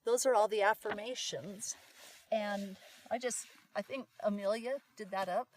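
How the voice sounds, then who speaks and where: A woman's voice: mid-range voice, steady tone, unhurried, slight background noise. Middle-aged woman, a little off-mic. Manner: explains step by step, acts out quotes loudly. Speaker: guest. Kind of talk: casual teaching talk. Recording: voice from some distance off the mic.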